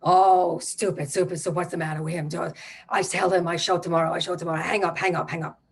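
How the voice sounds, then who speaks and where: An impatient deaf father barks out short, broken phrases in a husky voice, as a woman puts him on. He sounds gruff and blunt, the way a stage storyteller would play a harried family man. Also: lowish voice, little pitch movement, quick pace. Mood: exasperated. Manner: clipped, fragmented phrases.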